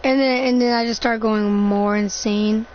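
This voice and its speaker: A woman's voice: on the high side, fairly even intonation, normal speed, crowd noise. A woman playing her own character in an improvised role-play, describing what she does in the first person. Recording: muffled lo-fi with loud hiss.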